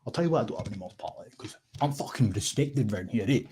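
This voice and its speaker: A man's voice: on the low side, expressive, quick pace, very noisy. A Scottish man hosting a casual livestream, rambling and swearing, laughing often as he clicks through tabs. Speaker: livestream host.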